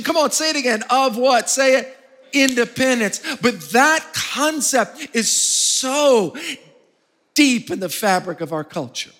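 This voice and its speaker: Preaching with emphasis and drawing responses from his congregation, this U.S. pastor speaks at an extremely high pitch. His tone is bright and forceful, and a long reverb tail follows his words.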